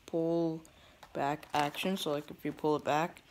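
Woman vlogger, unhurried and halting, fills gaps with ums, recorded on a phone in a small shut room. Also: sits low, little pitch movement, background noise. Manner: hesitant, rambling with many fillers. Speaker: toy unboxing vlogger. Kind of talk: casual unboxing chat.

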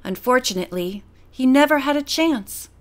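A woman voicing a calm middle-aged lawyer who speaks in a measured, formal way. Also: high voice.

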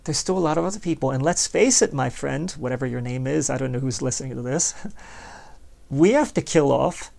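A man's voice: a little high, gravelly, darkish tone. A man hosting a podcast, delivering a rambling, sardonic philosophical monologue and speaking straight to the listener. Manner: sardonic, plays both sides of an imagined dialogue; rambling, conversational, addresses the listener directly. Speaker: podcast host.

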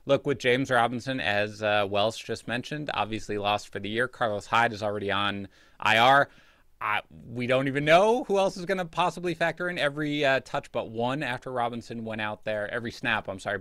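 A man trades fantasy football picks in a relaxed podcast chat. He talks at a middle pitch, recorded dry and close, and he is chatty, with self-deprecating asides. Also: brisk, no room sound.

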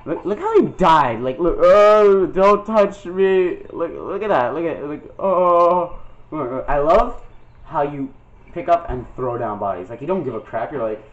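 A man's voice: a little high, expressive, normal speed. A young man giving casual, jokey commentary over a video game, yelping and putting on silly voices as he plays. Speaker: gameplay commentator. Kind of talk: casual let's-play commentary. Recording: dull lo-fi mic with game music.

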